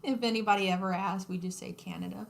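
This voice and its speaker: A woman's voice: mid-range voice, fairly even intonation, fast talker, gravelly. A woman, chatting casually with her viewers on a craft livestream while she embroiders. She talks to her audience, laughs often and narrates her work as she goes.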